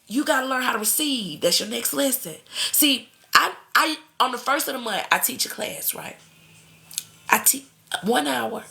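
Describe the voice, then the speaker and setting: Woman doing a live card reading, gravelly fry in her voice, talks easy to the viewers like family. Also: on the high side, animated, moderate pace, sharp tone. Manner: chatty, calls viewers cousin and baby, laughs often. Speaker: tarot reader on a live stream. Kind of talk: casual live-stream chat.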